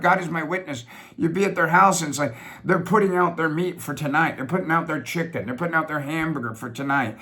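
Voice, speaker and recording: Rambling, emphatic middle-aged man, pitched high. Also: fairly bright tone. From United States. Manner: rambling, repetitive, emphatic with sudden slowdowns. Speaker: business funding host. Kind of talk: reflective monologue. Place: home office.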